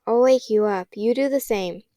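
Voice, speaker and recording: A woman's voice: on the high side, normal speed, mellow, no echo, close to an everyday voice. A woman reading the part of a nervous, bookish young boy who talks hesitantly. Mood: worried.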